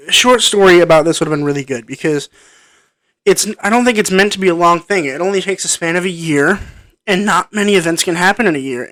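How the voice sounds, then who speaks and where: A movie reviewer gives a casual spoken film review into a microphone plugged into a computer, rambling and hesitating with frequent ums and restarts. His voice is high and a bit bright, and the recording is dry.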